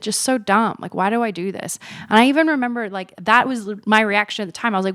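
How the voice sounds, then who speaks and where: A woman's voice: medium pitch, fast talker, fairly bright tone, no room sound, studio quality. A woman in her thirties hosting a podcast, telling a personal story in a frank, chatty, self-mocking way and swearing freely. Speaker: podcast host.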